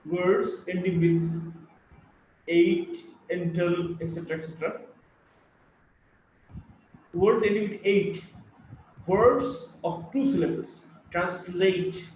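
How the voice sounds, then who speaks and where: A man's voice: high voice, slow pace, pauses often, darkish tone. A male college lecturer with an Indian English accent, reciting English words one at a time for a phonetics lesson. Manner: reads words one by one, spelling suffixes aloud. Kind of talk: slow recited word-list lesson. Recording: echoey room, mic far off, faint hiss.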